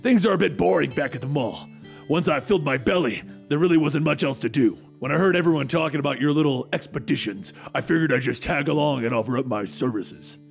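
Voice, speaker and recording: A man doing Scrappy Doo, brash and loud. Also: fairly high pitch, fast, creaky, faint music behind. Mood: cocky. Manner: loud, taunting, often shouting. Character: brash mutated male dog fighter, aggressive.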